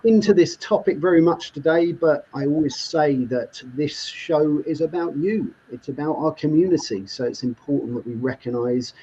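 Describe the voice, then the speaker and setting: A man's voice: a little high, normal speed, hardly any pauses, warm tone, breathy edge. A man hosting a live online show, welcoming guests and reading viewer comments with frequent laughter. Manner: reads viewer comments aloud, laughs often. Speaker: host. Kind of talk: upbeat live show chat. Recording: muffled lo-fi online stream audio.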